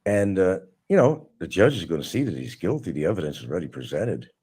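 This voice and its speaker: A middle-aged man hosts a live stream alone, talking casually and often turning sarcastic and mocking. His voice sits very low, but his pitch swings widely, rising sharply and dropping again. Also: very animated, fast, mellow, breathy edge. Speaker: livestream host. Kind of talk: casual livestream monologue.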